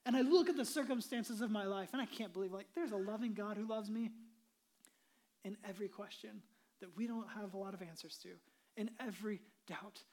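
A woman pastor preaching a sermon in an earnest way, moving between emphatic and hushed delivery and sometimes dropping to a whisper. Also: mid-range voice, a little fast.

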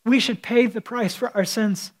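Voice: medium pitch, normal speed, poor audio. A pastor preaching a sermon in an impassioned way, rising to fervent emphasis.

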